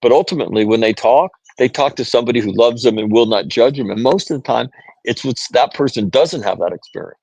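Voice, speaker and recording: A man's voice: medium pitch, quick pace, vocal fry, darkish tone, husky, dry recording, poor audio. A middle-aged American man telling stories in conversation, earnest, often asking "right?" and restarting phrases. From United States. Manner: repeats "right?", many restarts, quotes others. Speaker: podcast guest, author.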